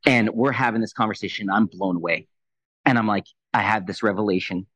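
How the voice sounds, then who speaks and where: A man in his thirties with a fairly low voice tells a personal faith testimony on a podcast. He retells a conversation in a quick, animated way, playing out both sides. The sound is dry and close to the mic. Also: dry recording, low-quality recording. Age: 30s. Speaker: Christian leader, podcast guest.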